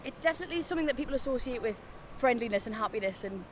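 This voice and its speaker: A woman's voice: fairly high pitch, animated, racing. A young woman from Newcastle with a Geordie accent, speaking bluntly and laughing in casual street chat. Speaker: street interviewee. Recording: street noise, outdoors.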